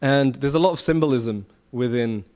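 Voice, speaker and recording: A man giving a conversational scripture class at a temple, telling the story with rhetorical questions and animated asides. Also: mid-range voice, moderate pace. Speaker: temple speaker. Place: temple hall.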